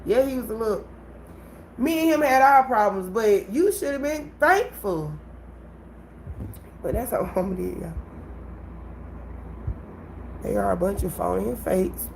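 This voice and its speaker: A woman hosting her own livestream, telling a personal story in an animated way and talking straight to her viewers. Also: mid-range voice, normal speed, vocal fry, pauses often, slight background noise, poor audio. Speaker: livestream host. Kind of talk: casual livestream venting.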